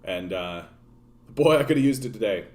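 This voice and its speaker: A man's voice: on the low side, lively intonation, moderate pace, a little mellow. A man from Canada hosting a casual political livestream, ranting in a profane, sardonic, rambling way and answering his chat. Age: adult, grown since his younger days. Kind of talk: casual rant to live chat.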